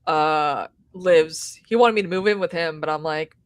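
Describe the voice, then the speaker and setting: A woman's voice: low-pitched, normal speed, smooth, no room sound. Woman from South Carolina, rambling chat co-host, dry close sound. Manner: rambling, animated storyteller. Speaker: stream co-host. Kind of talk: casual chat.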